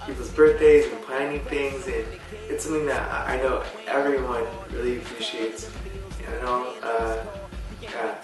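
A man's voice: medium pitch, steady tone, moderate pace, few pauses. A young man giving a rambling, hesitant birthday message to a friend, often trailing off. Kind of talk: casual birthday video message. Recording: very echoey room, far from the mic, music playing.

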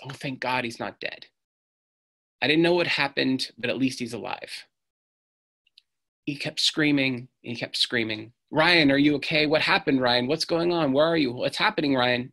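Bright-voiced man telling a story. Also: mid-range voice. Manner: earnest storytelling, acts out quoted voices. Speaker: speaker. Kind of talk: personal story talk. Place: stage talk.

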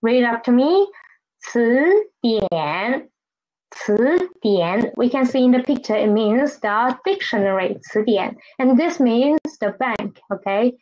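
A woman's voice: fairly high pitch, moderate pace, few pauses, darkish tone. A woman teaching a language lesson, patiently repeating each word and modeling tones for learners to copy. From Philippines. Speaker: Mandarin teacher. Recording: dull lo-fi recording.

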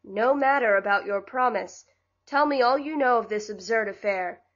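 A woman reading the part of a stern, quick-tempered middle-aged father in a storybook, speaking in curt, commanding tones on a slightly dull, lo-fi recording. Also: a little high, a bit bright, natural voice.

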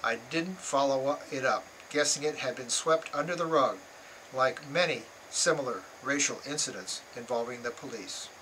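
An older man reading aloud from his own memoir in a measured, earnest way. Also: mid-range voice, sharp tone, slight background noise, rough recording.

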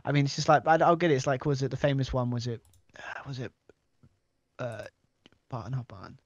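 A man's voice: mid-range voice, fairly quick, dry recording. Rambling man with a dull, dry mic. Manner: rambling, full of fillers and restarts. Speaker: co-host of a video game series. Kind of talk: casual gaming chat.

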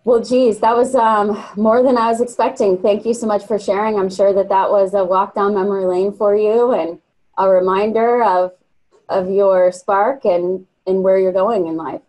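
Female interview host, mid-range voice, appreciative and measured. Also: medium pitch, fairly even intonation, darkish tone, poor audio. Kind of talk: interview hosting.

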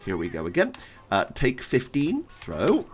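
Let's-play streamer, wild pitch swings, flips from mumbles to shouts, desk mic. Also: moderate pace, slight background noise. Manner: excitable, swings from muttering to yelling. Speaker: gaming YouTuber.

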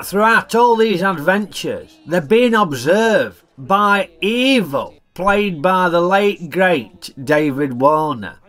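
A man's voice: a little high, fairly bright tone. A man reviewing a film in a chatty, jokey way, using broad dialect. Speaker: film reviewer, channel host.

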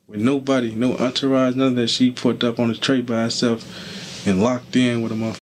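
With a medium-pitched, level, brisk voice and slight background noise, a young adult man talks loosely as an interview guest. It's casual street interview talk, relaxed and full of fillers such as "you feel me."

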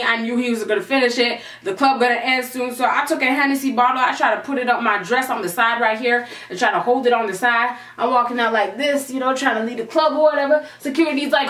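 A young woman vlogger telling a storytime in an animated, slangy way, swearing freely. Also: a little high. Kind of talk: storytime vlog. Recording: echoey room, mic at a distance.

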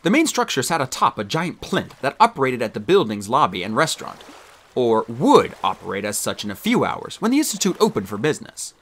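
A man reading a children's novel aloud as an audiobook narrator, expressive and animated. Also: mid-range voice, a little fast.

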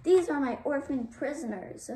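Woman reader as a shrill, bossy young girl; distant, roomy mic. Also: unhurried, a little hiss or hum. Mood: bossy, cruel. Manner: loud, commanding, shrill. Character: bossy, fierce young girl playing a cruel matron.

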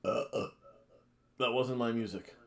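A man's voice: medium pitch, fairly even intonation, measured pace. Rambling man hyping himself on a vlog. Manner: rambling, self-hyping, jokey asides. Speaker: wrestling vlogger. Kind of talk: casual rambling predictions vlog.

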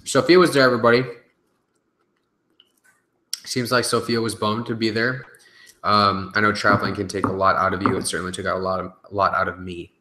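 A young man answers viewer questions on a live stream in loose, casual talk, peppered with fillers and swearing. His voice sits low but comes across forceful and bright. The sound bounces around a roomy space. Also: little pitch movement, fast talker. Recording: echoey room.

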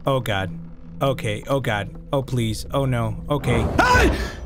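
Over loud music, a young man from Mexico, a gaming YouTuber with a Mexican accent, commentates a horror game at an unhurried pace in a medium-pitched voice. His let's play talk swings jumpily from hushed self-coaching to loud yelps, profane and slipping into Spanish.

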